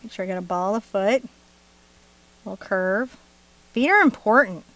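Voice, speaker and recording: Expressive and a little bright, her medium-pitched voice moves at a moderate pace and often pauses. She is a middle-aged art instructor running a live-streamed painting class, playful and talkative, laughing and joking as she goes from step to step.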